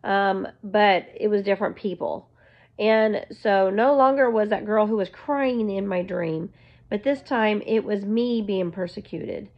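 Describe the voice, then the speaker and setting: A woman talking slowly and earnestly to her camera at home, sharing a faith testimony in a rambling, storytelling way. Her voice sits at an ordinary middle pitch, and the sound is slightly dull and lo-fi. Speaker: vlogger. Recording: dull lo-fi recording.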